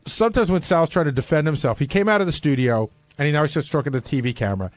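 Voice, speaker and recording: Radio host guy, high voice, blunt and pushy questions, dead dry studio sound. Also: fast talker, no echo. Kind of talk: casual radio interview.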